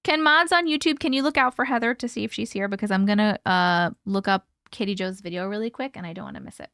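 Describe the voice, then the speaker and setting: A woman's voice: mid-range voice, fast, fairly bright tone, no room sound, studio quality. A woman hosting a live stream, chatting casually with viewers, swearing freely and laughing often. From part Italian heritage, American. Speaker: host reading viewer stories.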